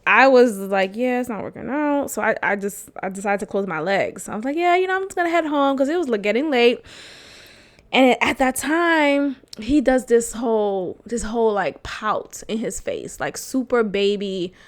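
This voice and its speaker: A young adult woman hosting a podcast, telling a frank personal story in a profane, animated way and laughing often. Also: a little high. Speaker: podcast host. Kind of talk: candid storytelling monologue.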